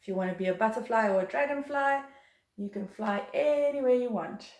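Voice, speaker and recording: A woman's voice: fairly high pitch, brisk, a little mellow. Encouraging woman teaching violin, roomy sound. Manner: patient, encouraging, counts and chants rhythms aloud. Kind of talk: beginner music lesson. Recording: roomy echo.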